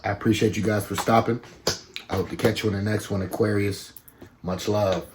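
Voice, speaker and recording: A man giving a casual tarot reading to his viewers, talking slowly and repeating himself, with bits of slang. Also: fairly low pitch, flat delivery, noisy background. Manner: slow, repetitive, conversational with slang. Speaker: tarot reader.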